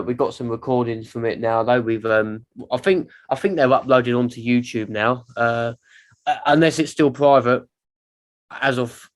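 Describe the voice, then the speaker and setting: Band member on a podcast call, wry and teasing. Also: male voice, medium pitch. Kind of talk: casual interview.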